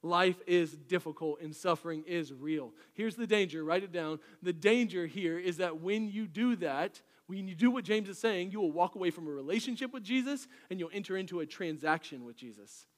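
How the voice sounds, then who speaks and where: A man preaching a sermon as pastor, lively and storytelling, with jokey asides. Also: high voice, moderate pace, few pauses, long reverb tail.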